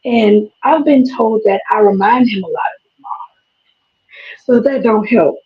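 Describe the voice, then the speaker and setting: A woman calling in to a live stream, hoarse from losing her voice and speaking hesitantly, often stopping to search for words. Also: mid-range voice, a little slow. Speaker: caller. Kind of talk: casual call-in chat. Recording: dull lo-fi stream audio.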